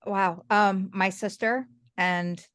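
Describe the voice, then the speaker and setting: A woman in the audience getting a reading, mostly giving soft, brief answers. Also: mid-range voice, steady tone, slow pace, clear, resonant tone, no echo, clean studio sound. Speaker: audience member receiving a reading.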